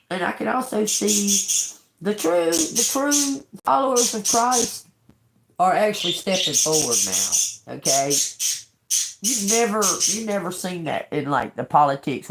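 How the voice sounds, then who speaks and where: Woman, lively swings in pitch, low voice, blunt and profane, echoey room. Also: vocal fry, slight background noise. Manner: blunt, profane, animated storytelling. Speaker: tarot reader livestream host. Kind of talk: casual livestream talk.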